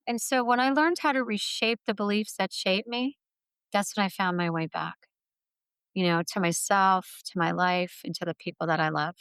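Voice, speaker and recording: A woman's voice: fairly high pitch, a bit bright, clear, resonant tone, no room sound. A middle-aged woman, a guest author, telling a personal story in an interview in an earnest, heartfelt way. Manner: earnest, heartfelt, vivid retelling.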